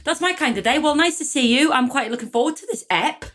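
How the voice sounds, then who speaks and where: A woman with a Geordie accent, co-hosting a podcast in a lively, casual chat, swearing freely and laughing often. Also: high-pitched, fast talker. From North East England. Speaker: podcast co-host and author.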